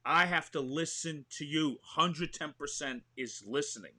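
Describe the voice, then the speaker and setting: A man, an actor talking excitedly in a remote interview, full of "you know what I mean". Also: a little high, a little slow. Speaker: actor and show host, guest. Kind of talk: animated conversational interview.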